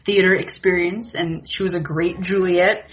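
A woman's voice: lowish voice, steady tone, moderate pace. Giggly woman recapping a TV episode. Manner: chatty, giggly, filler-heavy. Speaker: podcast co-host. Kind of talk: casual TV recap chat. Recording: muffled lo-fi audio.

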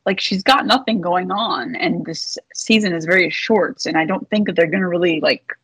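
A thoughtful woman weighs in on a TV episode, hesitating and filling pauses. Her low voice is husky, and the recording is dry and close. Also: a bit bright, dry recording, low-quality recording. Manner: thoughtful, hesitant, many fillers. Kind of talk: casual TV episode review chat.

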